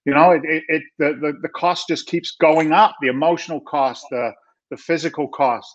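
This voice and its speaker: A middle-aged man from England, a guest in a casual interview, telling his story in an animated, chatty way with frequent laughs and restarts. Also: a little high, normal speed. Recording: dull lo-fi sound.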